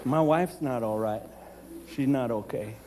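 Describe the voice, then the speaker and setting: A middle-aged man doing stand-up comedy, telling animated stories with panicked shrieks and gruff character voices. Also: medium pitch, measured pace. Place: large theater with a live audience. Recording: live stage recording with long reverb and audience noise.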